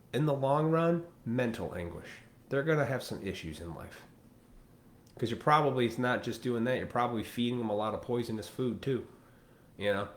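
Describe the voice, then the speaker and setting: A man's voice: mid-range voice, reverberant. A man hosting a live stream, delivering a blunt, profane, preachy rant straight to his viewers. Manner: blunt, profane, preachy, mimics people in quoted asides.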